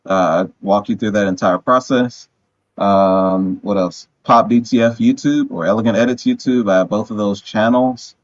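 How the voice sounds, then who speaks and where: A man with a lowish, flat, matter-of-fact voice. His sound is dry and a bit dull, like a cheap mic with the highs rolled off. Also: normal speed, no echo. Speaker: guest. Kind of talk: casual chat.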